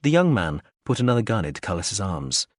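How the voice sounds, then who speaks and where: A man narrating a science-fiction audiobook in a measured, expressive storytelling manner. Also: fairly low pitch, no echo, clean studio sound. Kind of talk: scripted narration.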